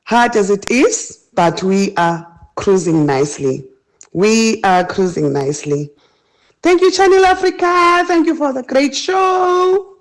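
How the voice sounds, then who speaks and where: A woman's voice: a little high, animated, a little slow, low-quality recording. A woman calling in to a radio show, speaking in a reflective, heartfelt way. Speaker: radio caller. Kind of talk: call-in chat.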